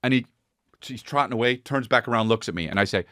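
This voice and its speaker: A man hosting a podcast, telling a crude comic story in an animated way and slipping into goofy voices. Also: mid-range voice, quick pace, no room sound, clean studio sound. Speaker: podcast host. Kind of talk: comedic storytelling monologue.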